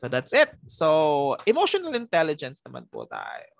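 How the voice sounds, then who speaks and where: A man's voice: a little high, wildly swooping pitch, moderate pace, creaky, no echo, low-quality recording. Filipino man lecturing, often asking "no?". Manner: mixes Tagalog and English, frequent "no?" tag questions, chuckles often. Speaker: teacher. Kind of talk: recorded lecture.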